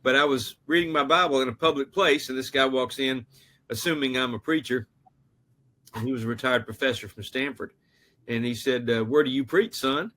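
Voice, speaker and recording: A man's voice: medium pitch, fairly even intonation, brisk, bright, forceful tone. A man, an author, telling a personal story in an earnest, anecdotal way during an interview. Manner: earnest, anecdotal, with frequent restarts. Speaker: author and guest.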